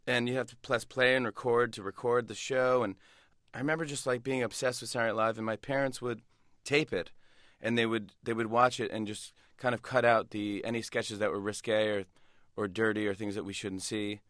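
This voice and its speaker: A male comedian, a guest in an interview, telling stories in an animated way with frequent restarts. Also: medium pitch, no room sound, clean studio sound. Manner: animated, many restarts, quick laughs. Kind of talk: casual interview storytelling.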